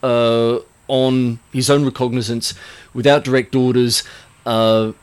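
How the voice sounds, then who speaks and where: A man narrating a tabletop game as game master, rambling and halting often as he describes the scene. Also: medium pitch, level tone, clear, resonant tone. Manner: rambling, full of "uh" and restarts.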